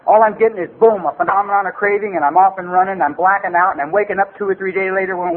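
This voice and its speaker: A man in his forties tells his story at a recovery meeting in a high, breathy voice, talking quickly and steadily with hardly a pause. He rambles in a streetwise way, dropping "you know" every few words. The tape sounds tinny and lo-fi, with faint hiss.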